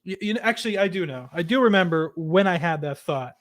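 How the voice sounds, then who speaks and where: Male podcast host, higher-pitched, casual and rambling. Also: lively intonation, quick pace, a bit bright. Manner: chatty, rambling with many fillers. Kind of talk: casual chat.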